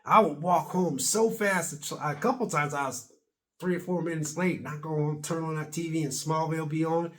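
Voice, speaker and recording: A man's voice: a little high, moderate pace. Chatty older man rambling to camera. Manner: rambling and chatty with casual double negatives. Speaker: video blogger. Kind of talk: casual rambling opinion vlog.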